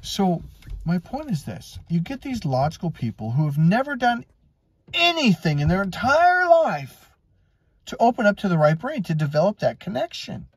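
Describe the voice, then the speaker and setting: A middle-aged man from Wisconsin telling personal stories as a life coach, animated and acting out quoted voices. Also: moderate pace, slightly rough, no room sound. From Wisconsin, USA. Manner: animated, swings between high and low pitch, acts out quotes. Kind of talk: personal storytelling monologue.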